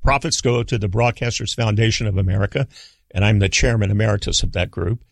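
An older man, a guest on a radio talk show, telling stories in a relaxed, rambling way with fillers and restarts. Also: fairly low pitch, fast, gravelly, no room sound. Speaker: guest, radio executive and author. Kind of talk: relaxed storytelling. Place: studio.

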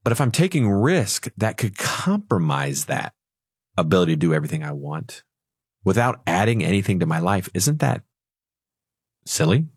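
A man's voice: deep voice, big pitch swings, normal speed, slightly rough, no echo, clean studio sound. A man co-hosting a retirement finance radio show, telling stories and acting out little voices playfully. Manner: storytelling, acts out voices playfully.

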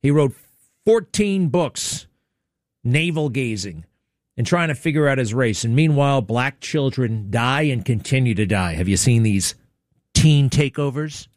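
A man's voice: mid-range voice, lively intonation, unhurried, no room sound, studio quality. Sarcastic, emphatic male talk host. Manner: emphatic and sarcastic, mocking impressions. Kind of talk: opinionated political commentary.

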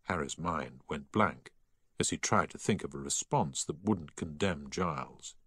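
A man with a deep, low voice narrates a novel in an expressive and measured way. His pitch rises and falls a great deal. The recording is close and dry, with no room sound. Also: breathy edge, dry recording. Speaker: audiobook narrator. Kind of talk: scripted narration.

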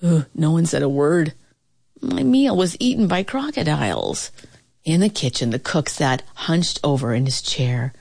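A woman reading a children's storybook aloud in an expressive, playful way, slowing down for effect. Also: low-pitched, gravelly.

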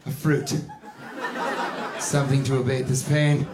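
A man's voice: fairly high pitch, moderate pace, background noise. A man doing a stand-up rant with mock outrage and exaggerated acted-out reactions. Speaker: stand-up comedian.

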